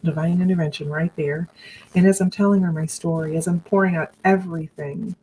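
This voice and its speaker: A woman's voice: on the low side, steady tone, a little fast, dark tone, slightly rough, poor audio. A middle-aged woman earnestly recounting her own story to viewers on a broadcast, with reflective, faith-filled phrasing. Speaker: survivor sharing her story on a live broadcast.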